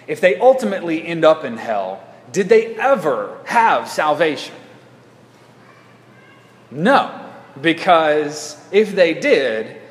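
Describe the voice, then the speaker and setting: A man preaching a sermon in a church, talking conversationally with frequent restarts. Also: fairly high pitch. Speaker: pastor. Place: church sanctuary. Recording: echoey church hall.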